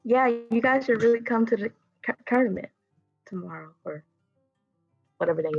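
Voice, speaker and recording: A man's voice: very high voice, expressive, normal speed, vocal fry, no echo, dull audio, soft background music, voice pushed up, heavily acted. A man voicing his own young male character in a tabletop game, talking easily and casually.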